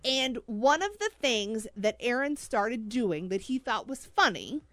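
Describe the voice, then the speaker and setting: A woman hosting a casual chat, telling a story in an animated way with frequent laughs and pleading asides. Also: a little high, measured pace, no echo.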